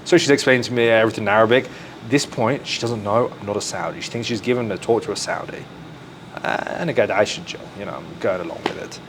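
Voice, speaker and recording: An Englishman with an English accent, telling a story in casual talk on a live podcast, lively and full of "like" fillers, acting out what people said. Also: lowish voice, fast, background noise. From England. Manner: animated, acts out quoted speech, full of "like" fillers. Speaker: podcast guest.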